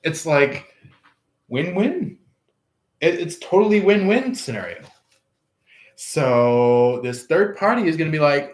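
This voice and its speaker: A man's voice: fairly high pitch, very animated, slow pace, pauses often. A man giving a casual tarot reading, rambling, chuckling and acting out quoted lines. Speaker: tarot reader. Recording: echoey room.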